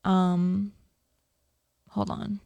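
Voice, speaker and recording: A young adult woman co-hosting a podcast, telling a story in casual chat, blunt and animated, swearing freely. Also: on the low side, drawn-out words, creaky, clear, resonant tone, no room sound, highs cut off. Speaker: podcast co-host.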